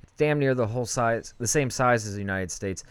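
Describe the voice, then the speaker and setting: A man's voice: medium pitch, a little fast, smooth, no room sound. A young man co-hosting a casual podcast, rambling in a laid-back way and trailing off mid-sentence. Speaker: podcast co-host.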